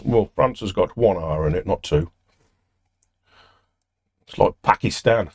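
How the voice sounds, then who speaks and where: An older man talks in a casual, rambling way, drifting sideways from one thought to the next. His voice sits low. The sound is dry and close, with no room echo. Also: measured pace, pauses often, breathy edge. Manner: rambling, easily sidetracked, swears casually. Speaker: music producer streaming a session. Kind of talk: casual livestream chat.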